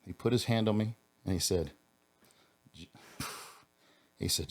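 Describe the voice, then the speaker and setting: A man, a former police officer, telling a personal story as a podcast guest in an earnest, halting way, restarting his sentences and going quiet in the emotional parts. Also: fairly low pitch.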